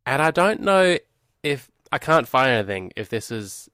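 A man's voice: mid-range voice, big pitch swings, normal speed, bright, forceful tone, clean tone, no echo, studio quality. A man co-hosting a podcast, casually griping about a film with wry exasperation. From Scotland. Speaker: podcast co-host. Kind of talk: casual chat.

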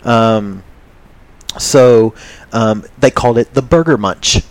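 A man's voice: mid-range voice, slow, smooth, no room sound. Rambling, jokey male podcast host. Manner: rambling, jokey, many ums. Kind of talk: casual chat.

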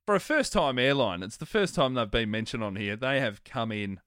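A man, co-hosting a podcast in jokey, lively banter. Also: mid-range voice, fairly quick, no echo, studio quality. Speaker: podcast co-host. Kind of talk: casual comedy chat.

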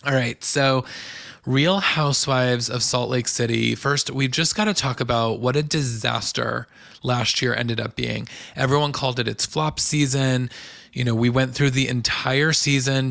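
Gravelly-voiced man recapping reality TV. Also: mid-range voice, fairly bright tone, dry recording, studio quality. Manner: chatty and enthusiastic, gushing asides. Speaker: podcast host recapping a reality show. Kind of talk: casual solo commentary.

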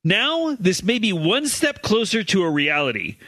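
Man, co-host and news reader, high bright voice, very animated, dry studio sound. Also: moderate pace, no echo. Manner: reads stories aloud, laughs often, corrects others. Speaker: podcast co-host reading news. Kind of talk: scripted news reading with banter.

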